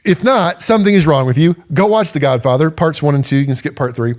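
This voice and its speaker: A man's voice: on the high side, quick pace. A man hosting a podcast, giving an emphatic, conversational teaching monologue and laughing now and then. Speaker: podcast host.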